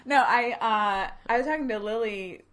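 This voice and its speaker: A woman chatting casually and telling animated stories, laughing often. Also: on the high side, normal speed, crowd noise. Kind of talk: casual chat.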